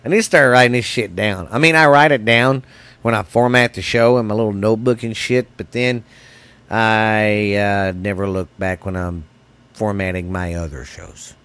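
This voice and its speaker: A man's voice: on the low side, steady tone, normal speed, fairly bright tone, smooth. A man hosting a casual, rambling podcast, rowdy and profane, stuffy from sinus trouble. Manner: rowdy, profane, rambling, calls listeners baby. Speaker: podcast host. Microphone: close studio mic.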